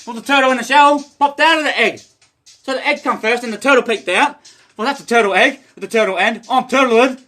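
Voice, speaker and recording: Australian man, livestreamer; rambling and profane, higher tense voice. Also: brisk, bright, forceful tone. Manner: rambling, profane, stream-of-consciousness. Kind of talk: rambling monologue.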